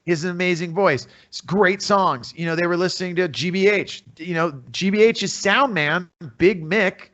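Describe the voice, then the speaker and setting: A man's voice: high voice, normal speed, few pauses, muffled recording. A middle-aged American man, a musician and comedian, telling stories as a podcast guest and acting out the people in them. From USA. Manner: animated storyteller, acts out voices in quotes. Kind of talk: casual storytelling interview.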